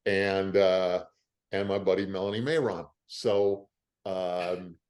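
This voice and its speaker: Low-voiced older man telling lively stories. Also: slow pace. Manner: animated storyteller who acts out the quoted lines of others. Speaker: actor, interview guest. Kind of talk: casual interview storytelling.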